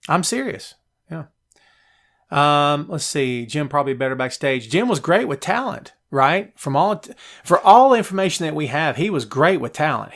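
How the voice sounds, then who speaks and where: A man hosting a live wrestling talk show, chatting casually and reading viewers' names aloud, recorded on a phone and a bit out of breath. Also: fairly high pitch. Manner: chatty, animated, reads chat names aloud. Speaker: podcast host.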